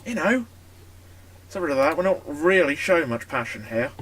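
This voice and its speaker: A man giving casual, chatty commentary over a football management game. He bursts into excited shouting at big moments. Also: on the high side, moderate pace, breathy edge. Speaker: gaming YouTuber.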